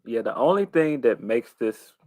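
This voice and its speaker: A man's voice: medium pitch, big pitch swings, moderate pace, darkish tone, dry recording. A man co-hosting a casual wrestling talk show, thoughtful and hesitant, with plenty of fillers. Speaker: podcast co-host.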